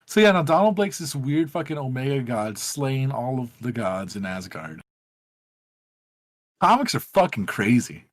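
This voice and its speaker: Brief: male podcast co-host, mid-pitched, rambling and profane, dry close sound. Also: very animated, measured pace, no echo. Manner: rambling, profane storytelling with many fillers. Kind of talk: casual group chat.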